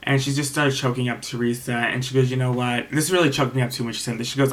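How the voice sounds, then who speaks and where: A man's voice: mid-range voice, little pitch movement, fast talker, hardly any pauses, fairly bright tone. A man recapping a reality show episode in a casual, rambling way, retelling what the cast said and openly taking sides, with many ums and restarts.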